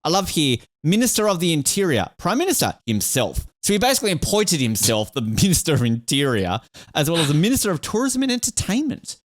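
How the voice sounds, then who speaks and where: A man hosting a casual podcast, talking in a lively, irreverent way and swearing freely. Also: fairly high pitch, dry recording, clean studio sound. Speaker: podcast host.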